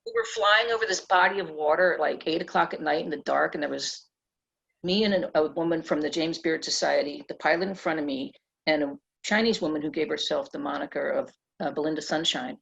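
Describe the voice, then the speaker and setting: A middle-aged woman author being interviewed at a press club event, telling stories in an animated way and laughing often. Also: low-pitched, fairly quick, creaky, slightly rough. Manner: animated, laughs often, acts out quoted voices. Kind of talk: conversational storytelling. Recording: dull lo-fi event recording.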